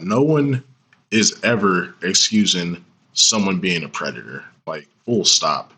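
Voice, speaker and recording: A man's voice: sits low, animated, unhurried, sharp tone, breathy edge, low-quality recording. A man reacting with exasperated, profane, mocking commentary.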